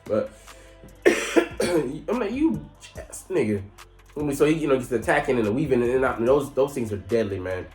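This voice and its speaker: A man talks casually at a medium pitch, recapping an episode in a rambling way, full of fillers and swearing. His voice rings in an echoey room. A faint music bed plays underneath. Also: fast, a little mellow. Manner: rambling, lots of fillers, profane. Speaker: anime reviewer. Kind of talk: casual reaction commentary.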